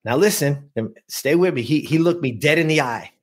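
A man's voice: fairly high pitch, moderate pace. Emphatic fifty-something man telling a story. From US West Coast. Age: 50s. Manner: emphatic, speaks straight to listeners. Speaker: guest, productivity coach. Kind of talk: emotional personal storytelling.

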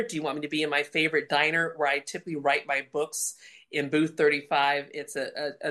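A woman telling a lively faith testimony, laughing and acting out the voices in her story. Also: low-pitched. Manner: animated, laughing, acts out dialogue. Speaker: guest speaker. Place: lounge at home.

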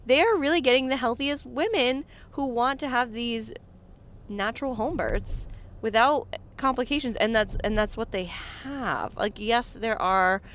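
Chatty woman vlogging, quick laughs. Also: a little high, a little hiss or hum. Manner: chatty and animated, with frequent laughs and restarts. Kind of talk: casual chat to camera.

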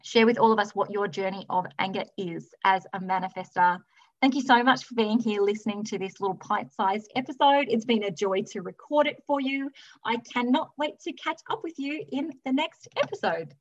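A woman's voice: medium pitch, moderate pace, highs cut off. A woman hosting a spiritual self-help podcast, talking earnestly and emphatically in long runs of repeated phrases. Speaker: podcast host.

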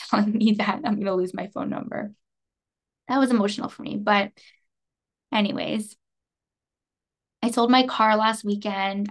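A woman in her twenties from Canada, hosting a podcast in an earnest, emotional monologue, laughing softly between phrases. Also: mid-range voice. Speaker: podcast host. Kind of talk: personal reflective monologue.

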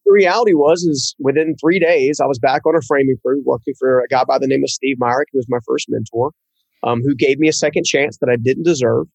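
Husky-voiced man telling an earnest story. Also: mid-range voice, steady tone, darkish tone, dry recording, rough recording. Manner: earnest, halting, repeats words. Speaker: guest. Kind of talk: personal storytelling in an interview.

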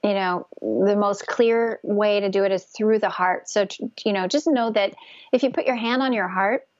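Gentle woman, dull dry audio. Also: medium pitch, normal speed, no echo. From Northern California. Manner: gentle, earnest, spiritual, with many restarts. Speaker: guest, conception coach. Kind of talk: casual interview talk.

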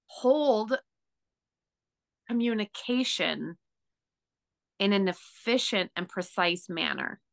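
A woman's voice: medium pitch, expressive, slow, vocal fry, pauses often. A woman co-hosting a casual conversation, explaining her ideas in an earnest, emphatic way.

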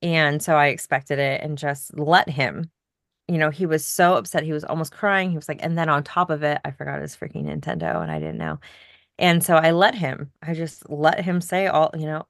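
A middle-aged woman co-hosting a podcast, telling a story in casual chat with soft laughs. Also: deep voice, expressive, moderate pace, no echo, studio quality. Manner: reflective, storytelling, laughs softly between points. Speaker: podcast co-host.

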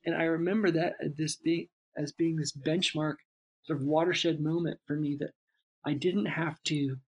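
A man, a father, in relaxed conversation, telling a long reflective story with many restarts and asides. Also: fairly high pitch. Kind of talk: casual chat.

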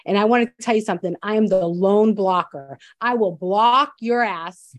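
A woman's voice: mid-range voice, normal speed, dry recording. A woman guest telling her story in a candid, emphatic, blunt way, often restarting her sentences.

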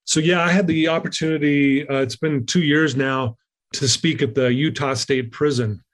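A man telling a personal story in a conversation, lively and acting out the lines of people he quotes. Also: on the high side, moderate pace. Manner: animated, acts out quoted lines. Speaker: guest speaker.

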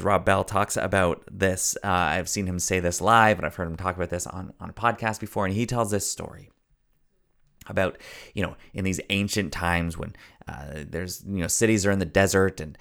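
Male podcast host and story coach, low, gravelly voice, earnest and preachy, repeats key lines for emphasis. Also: fairly even intonation, moderate pace, a bit bright. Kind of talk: motivational podcast monologue.

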